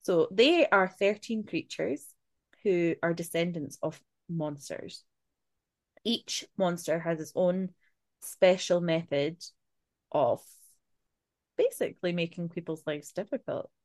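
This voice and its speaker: A woman's voice: lowish voice, slow, pauses often, a little mellow, no room sound. A Scottish woman co-hosting a podcast, chatting casually and swearing freely as she tells spooky folklore. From Scotland. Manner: chatty, swearing, laughing asides. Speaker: podcast co-host. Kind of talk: casual chat, telling folklore.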